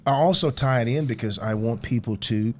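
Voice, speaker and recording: A man guest on a talk show, speaking earnestly and deliberately about purpose and opportunity, with the hiccups. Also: medium pitch. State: has the hiccups. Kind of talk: casual talk show conversation.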